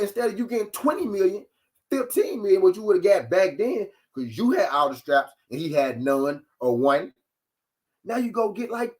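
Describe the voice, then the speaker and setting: A man hosting a live-streamed boxing talk show, ranting in an animated, profane and mocking way. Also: high voice, fairly quick. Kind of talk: live-streamed sports commentary rant.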